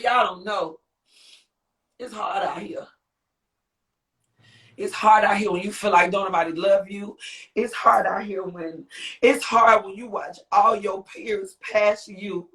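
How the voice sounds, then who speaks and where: A singer and author guesting on a live interview speaks a little slowly in a mid-range, fairly bright voice. The livestream talk is emotional, and she rambles warmly, repeating herself and exclaiming along the way.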